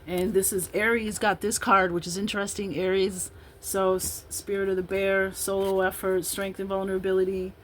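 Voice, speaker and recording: A woman in her fifties from Illinois reads tarot cards aloud in a casual, chatty way, rambling in between. She speaks at normal speed with medium pitch, little pitch movement and hardly any pauses; the low-quality audio has slight hiss or hum.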